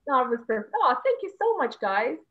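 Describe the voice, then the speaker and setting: A woman gives an animated webinar presentation, her voice pitched high and full of feeling. She addresses her audience warmly and takes questions. The sound comes through a computer mic and is dull and lo-fi. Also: moderate pace. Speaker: teacher trainer presenting at an online education conference.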